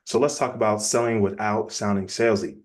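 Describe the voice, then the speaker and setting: A man delivering a lively teaching session on selling, talking plainly and with energy. His voice sits on the lower side. He keeps the pace brisk and chatty, like a coach talking straight to the viewers. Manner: energetic, acts out quick example dialogues; conversational, plainspoken. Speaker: business coach. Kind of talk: casual teaching presentation.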